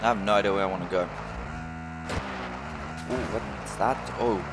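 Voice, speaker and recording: A man doing casual gameplay commentary who gets excitable, swears and yells when frustrated. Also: low voice, normal speed, gravelly, heavy background noise. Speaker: gamer. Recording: game music playing behind. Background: music.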